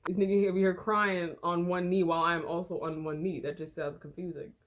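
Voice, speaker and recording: Young woman vlogger, lowish voice, giggly and profane, reads aloud haltingly. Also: little pitch movement. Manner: laughs a lot, swears, halting reading. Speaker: vlogger reading fan fiction. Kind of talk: casual chat and reading aloud.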